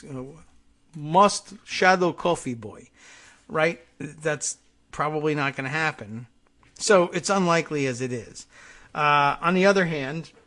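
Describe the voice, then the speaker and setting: A man's voice: fairly high pitch, fairly bright tone. Sardonic man hosting political talk. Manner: sardonic, digressive, many fillers. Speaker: podcast host. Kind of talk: rambling political commentary.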